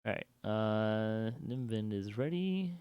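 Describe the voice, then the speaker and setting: A man running a tabletop game as game master on a stream, talking in a relaxed, halting way full of fillers. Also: lowish voice, smooth, dry recording, muffled recording.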